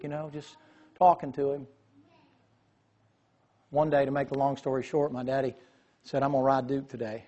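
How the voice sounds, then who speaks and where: A man telling a lively story in a sermon, acting out the voices of the people in it. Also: medium pitch, moderate pace, pauses often, dull audio. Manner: animated storyteller, quotes voices.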